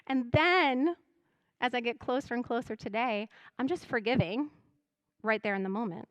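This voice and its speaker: A woman with a fairly high voice gives a spiritual message in a gentle, reflective way. She often voices her own inner thoughts out loud. The sound is dry and close, with no room echo. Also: measured pace, long pauses. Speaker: church music director giving a message. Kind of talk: spiritual talk to a congregation.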